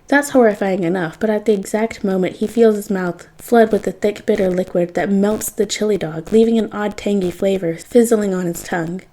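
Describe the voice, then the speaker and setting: A woman reads fan fiction aloud, narrating with a wry, expressive touch. Her voice is mellow and warm, with a middling pitch. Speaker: podfic reader.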